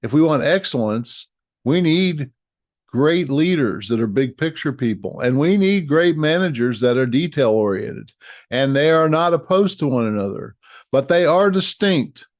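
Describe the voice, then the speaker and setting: A man's voice: a little high, animated, a little slow, dry recording, clean studio sound. A middle-aged man giving a coaching talk on leadership, earnest and given to repeating and restarting his phrases. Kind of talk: direct-to-camera coaching talk.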